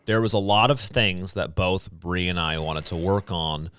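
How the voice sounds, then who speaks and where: Low-voiced man co-hosting a podcast. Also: a bit bright, smooth, no room sound. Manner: loose, halting, many fillers. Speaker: podcast co-host. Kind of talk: casual podcast chat.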